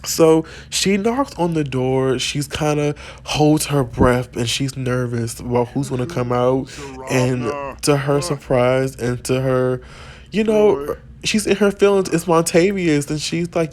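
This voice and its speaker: A man hosting a casual let's-play video, telling the game's drama in an excitable, gossipy way. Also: mid-range voice, unhurried. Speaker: gaming video host.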